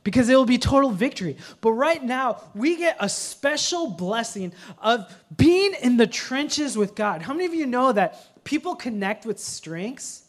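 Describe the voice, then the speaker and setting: A man preaching a sermon in a conversational way, mixing humorous family stories with earnest teaching and swinging from hushed lines to loud ones. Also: very high-pitched, sing-song, unhurried, few pauses. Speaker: pastor.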